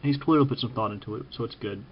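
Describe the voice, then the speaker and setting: Halting casual man from Kansas, lo-fi. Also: medium pitch, husky. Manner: halting, frequent ums and uhs, self-correcting. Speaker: vlogger ranking TV preppers. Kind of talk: casual spoken commentary.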